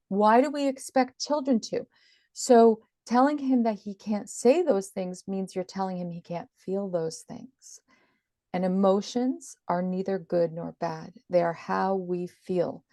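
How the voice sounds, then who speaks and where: A woman's voice: medium pitch, creaky, mellow, dry recording, clean studio sound. A woman talking as an interview guest, explaining things earnestly and with emphasis. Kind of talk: conversational explaining.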